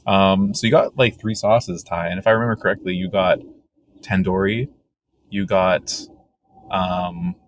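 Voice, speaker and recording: Laid-back, low-voiced young man riffing. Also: steady tone. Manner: laid-back, teasing, drawn-out riffs with fillers. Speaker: podcast co-host. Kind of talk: casual comedic chat.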